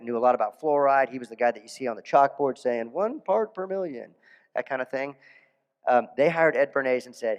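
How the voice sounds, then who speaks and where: A man, a dentist, giving a conference lecture in a casual storytelling way, animated, with restarts and asides. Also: medium pitch, long reverb tail. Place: conference hall.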